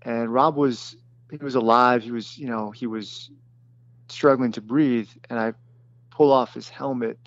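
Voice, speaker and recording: A man who was a detachment commander, recounting a battle in plain, halting speech with many fillers and restarts. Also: mid-range voice, fairly even intonation, no room sound, lo-fi sound. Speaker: former special forces detachment commander. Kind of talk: recounting a combat story in an interview.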